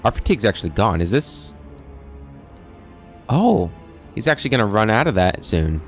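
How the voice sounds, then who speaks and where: Deep-voiced man commenting on gameplay. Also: very animated, normal speed, faint music behind. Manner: thinks aloud, reads game text. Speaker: let's play host.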